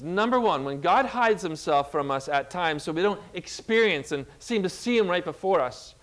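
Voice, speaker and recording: A man preaching a sermon as pastor, animated, asking the congregation questions and swinging in pitch and loudness.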